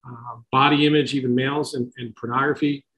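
Middle-aged guy presenting to parents, casual, restarts a lot, medium pitch. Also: steady tone, a little fast, fairly bright tone, poor audio. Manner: conversational, many fillers and restarts. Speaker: speaker at a parent talk on kids and technology.

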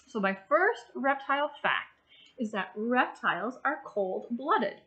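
A woman with a Canadian accent, a children's librarian, reading a picture book, singing a rhyme and leading a game in a slow, sing-song storytime voice. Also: fairly high pitch, expressive, bright, forceful tone.

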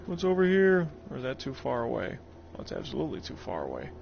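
A man casually commentating his gameplay on a live stream, profane and joking, talking from a warm room at home. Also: mid-range voice, huge pitch swings, fast talker, creaky. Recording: muffled stream audio over game noise.

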